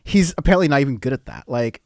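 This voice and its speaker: A man hosting a casual panel chat, teasing and joking in an animated way. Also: mid-range voice, fast talker, no room sound, studio quality. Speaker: show host.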